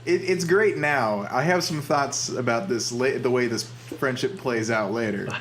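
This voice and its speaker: A man co-hosting a podcast, chatting in an animated way and laughing often. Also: medium pitch, unhurried, slight background noise. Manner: animated, laughing, quotes lines in a mocking voice. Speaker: podcast co-host. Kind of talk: casual chat.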